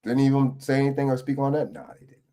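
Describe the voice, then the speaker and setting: A man's voice: medium pitch, little pitch movement, fast talker, warm tone. A man giving heated, profane reaction commentary on a political video clip.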